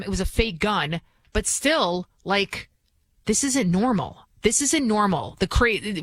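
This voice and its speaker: A woman's voice: mid-range voice, a bit bright, no echo. A woman filling in as a talk radio host, delivering a combative, scornful monologue full of restarts and asides.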